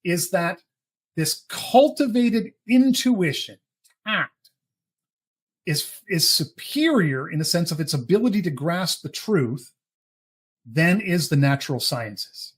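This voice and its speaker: A man reading a philosophy text aloud and pausing to comment on its terms in a measured way. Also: fairly high pitch, big pitch swings, husky. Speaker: podcast co-host.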